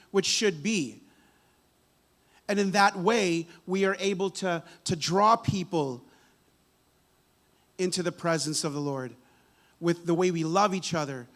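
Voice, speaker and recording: Male preacher with a lightly high voice, chatty sermon delivery, frequent "right?" asides. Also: a bit bright. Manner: conversational, repeats words and asks "right?" often. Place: church sanctuary.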